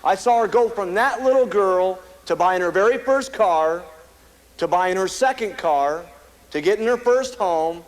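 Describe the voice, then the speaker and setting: A man's voice: sits high, unhurried, low-quality recording. An American man giving an emphatic, repetitive motivational speech to a live audience at a company meeting, telling stories. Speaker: company founder speaking at a meeting.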